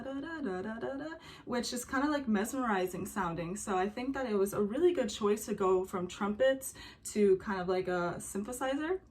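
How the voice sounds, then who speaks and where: A young woman talking casually about a song's music, with many fillers and humming or singing short examples. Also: mid-range voice. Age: young adult. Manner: chatty, many fillers, hums and sings examples. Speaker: music commentator reacting to a song.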